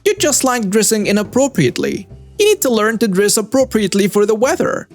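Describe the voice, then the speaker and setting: A man's voice: high-pitched, animated, brisk, soft background music, voice pushed up. A man voicing a self-righteous middle-aged woman who scolds a stranger in a shop in a preachy, accusing way. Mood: scolding.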